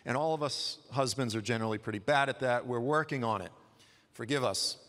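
A man's voice: mid-range voice, a little fast, fairly bright tone. Man preaching in a reverberant church hall. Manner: conversational, humorous storytelling. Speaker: guest preacher. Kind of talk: sermon.

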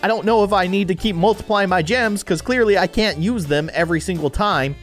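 A young man giving playful let's-play commentary on a video game, swinging from loud excited outbursts to mumbled asides. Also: high voice, brisk, faint music behind. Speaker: gaming YouTuber.

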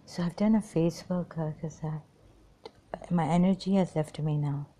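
A woman recounting memories in a halting personal monologue, pausing often, apologizing and trailing off. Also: low-pitched, fairly even intonation, mellow. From Pakistan. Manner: hesitant, many pauses and apologies, trails off.

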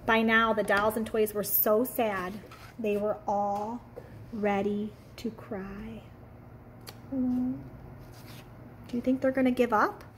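A woman, a teacher, reading a picture book aloud to children, with gentle questions to her young listeners. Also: on the high side, little pitch movement, slow pace, pauses often, a little hiss or hum.

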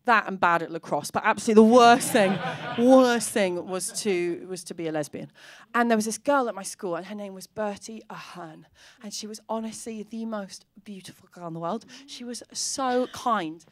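A young woman performing stand-up on a comedy club stage, telling a rambling, self-mocking story and jumping into high character voices. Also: moderate pace.

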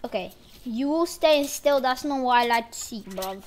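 A woman's voice: high-pitched, expressive, normal speed, slight background noise. A woman giving playful, rambling commentary over her own gameplay. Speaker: gaming channel host.

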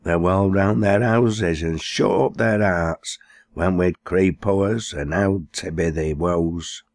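Man, Lancashire accent, poetry recitation, very low voice, slow unhurried delivery, dry close sound. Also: steady tone, dry recording. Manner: recites broad dialect verse, lifting his voice for quoted characters. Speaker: poetry reader.

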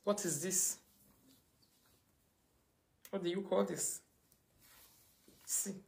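A Nigerian woman ranting on a livestream, mocking and scolding, her voice swinging between loud outbursts and low mutters. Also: extremely slow, creaky. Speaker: livestream host. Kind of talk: casual livestream rant.

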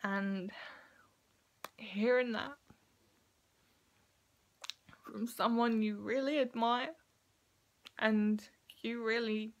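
A young woman speaks to her viewers in a slow, unhurried way, her voice tearful and catching as she cries. She halts and restarts often, openly emotional. It sounds like a simple camera recording. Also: a little high, steady tone, dull audio. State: crying. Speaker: vlogger. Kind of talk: personal vlog to camera. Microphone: phone or webcam recording.

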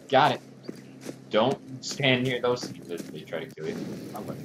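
An excitable man giving let's-play commentary, his pitch leaping up and down as he jokes with viewers. Loud game noise runs under his voice the whole time. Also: normal speed. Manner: excitable, jokey, talks to viewers. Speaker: gaming channel host.

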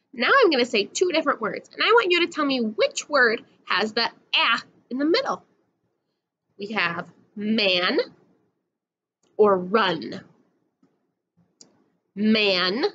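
A woman with a high, clear voice teaches young children their letter sounds, speaking slowly and drawing out each sound in a patient sing-song. The recording is a little dull, with a faint hiss behind her. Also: sharp tone.

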